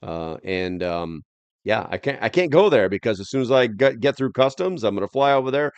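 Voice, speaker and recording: A man's voice: lowish voice, animated, moderate pace, clean tone, no echo, muffled recording. An American man hosting a casual livestream, rambling loosely and reading viewer comments aloud. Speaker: livestream host.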